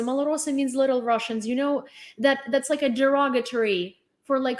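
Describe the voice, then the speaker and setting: Blunt, high-voiced woman. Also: brisk. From Ukraine. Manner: blunt, sarcastic, condescending, swears. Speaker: vlogger. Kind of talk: live-stream commentary.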